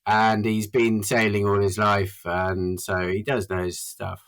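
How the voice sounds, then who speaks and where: A man talking casually as a podcast guest, halting and repeating words, laughing easily. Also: fairly low pitch, completely flat delivery, a bit bright. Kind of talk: casual chat.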